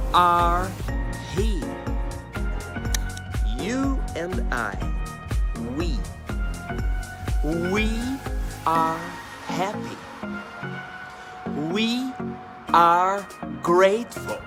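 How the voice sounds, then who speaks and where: A man with a Brazilian Portuguese accent, a native Portuguese speaker, teaching English and drilling each word deliberately and repeating phrases. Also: a little high. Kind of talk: slow, deliberate English lesson.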